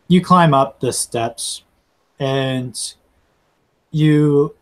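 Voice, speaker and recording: A man narrating a tabletop role-playing game as game master, in a halting storytelling way. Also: medium pitch, rough recording.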